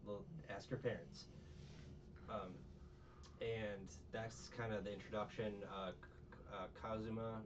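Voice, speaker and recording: Unhurried and fairly even in intonation, this low-leaning male voice belongs to a podcast co-host recapping a show. He rambles and jokes casually, full of fillers and quoted voices, over a dull, distant recording with faint noise.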